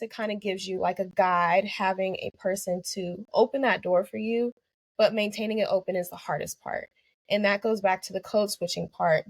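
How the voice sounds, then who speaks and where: A woman's voice: mid-range voice, no echo. A young woman, an anesthesia student guest on a podcast, speaking in an earnest, reflective way with many "you know" fillers. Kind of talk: podcast interview.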